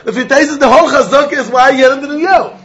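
A man's voice: extremely high pitch, fast, fairly bright tone, highs cut off. A man teaching a Talmud class, repeating points with emphatic sing-song delivery and mixing in Yiddish and Hebrew terms.

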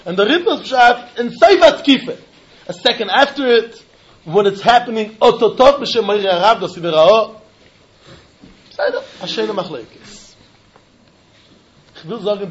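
A man with a very high voice teaches a Talmud lesson in a lively, sing-song way. His voice swoops up and down as he poses rhetorical questions and laughs between points. The recording sounds dull and lo-fi. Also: brisk. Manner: sing-song, mixing English, Yiddish and Hebrew. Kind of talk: animated yeshiva-style Talmud lecture.

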